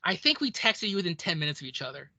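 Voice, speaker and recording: A podcast co-host with a bright, clear tone tells film scenes with animated energy. Quoted lines get acted out along the way. The recording is close and dry, with no room sound. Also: mid-range voice, rapid-fire, no echo. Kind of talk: casual film chat.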